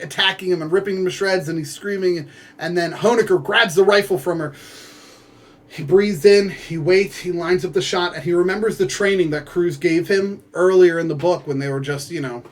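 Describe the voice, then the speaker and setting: A young man with a slightly high voice talks through the end of a book he enjoyed. He rambles with plenty of fillers, jumping into voices for the characters and making gun sounds along the way. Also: fairly bright tone. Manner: rambling, lots of fillers and quick asides. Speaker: book reviewer. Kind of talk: casual book summary.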